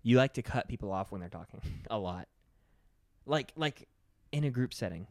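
A man's voice: mid-range voice, lively intonation, moderate pace, dry recording, studio quality. A man co-hosting a casual podcast chat with his girlfriend. He teases her and laughs often. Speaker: podcast co-host.

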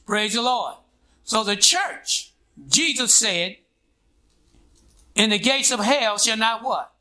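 Speaking slowly in a high, pushed, bright voice with lively intonation, a pastor leads his congregation through a call-and-response sermon. He prods them with "what?" and "huh?" and holds on until they answer.

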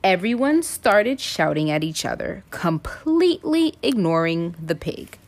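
A woman in her thirties reading a children's picture book aloud, playful and expressive, acting out the animals' voices. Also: lowish voice, measured pace. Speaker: storytime reader, mom. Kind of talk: children's storybook read-aloud.

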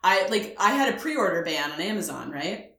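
A woman co-hosting a podcast in casual chat, an animated storyteller who laughs often. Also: mid-range voice, moderate pace, creaky, echoey room. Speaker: podcast co-host.

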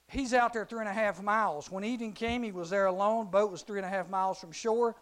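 Middle-aged male youth speaker with a high voice, animated Bible storytelling. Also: quick pace. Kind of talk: youth sermon.

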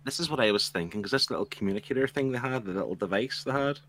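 A man's voice: medium pitch, lively intonation, very fast, a bit bright, slight background noise. A man on a book club podcast, chatting casually and often restarting his sentences.

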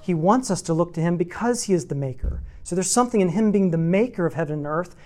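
A man's voice: high voice, lively intonation, fast talker, warm tone. A man teaching a church class on meditating on scripture, working through numbered points and repeating rhetorical questions. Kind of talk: teaching sermon.

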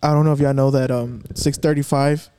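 Laid-back guy, dark voice. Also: mid-range voice, level tone, brisk, smooth. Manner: rambling, profane storytelling mixing in Spanish phrases. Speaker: friend telling a story. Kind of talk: casual chat among friends.

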